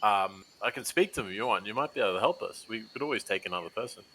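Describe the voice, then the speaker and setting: Bright-voiced man playing a tabletop game. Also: racing. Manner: stammering, playful, jumps into high excited pitch. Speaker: player. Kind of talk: in-character tabletop play.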